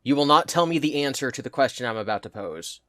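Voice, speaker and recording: A man's voice: mid-range voice, lively intonation, fast talker, a bit bright, dry recording, clean studio sound. A man co-hosting a casual podcast, rambling and exasperated as he laughs at himself. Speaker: podcast co-host. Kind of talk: casual chat.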